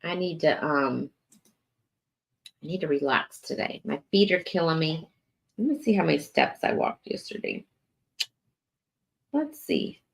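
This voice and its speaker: Woman, livestream host, tired, rambling casual chat, fillers, lowish voice. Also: gravelly. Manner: chatty, drawn-out, lots of fillers and yawning. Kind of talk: casual live chat with viewers.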